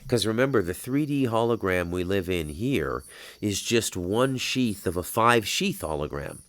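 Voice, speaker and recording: On an outdoor patio, a podcast host with a fairly low voice and lively intonation talks at a normal pace. He delivers a meandering spiritual monologue, cursing heavily and swinging into heated shouting.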